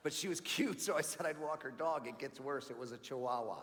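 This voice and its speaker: A man from New York doing energetic, chatty stand-up comedy as a banquet keynote, often calling the crowd friends and man. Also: mid-range voice, brisk. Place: large banquet hall. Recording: live hall reverb with faint room noise.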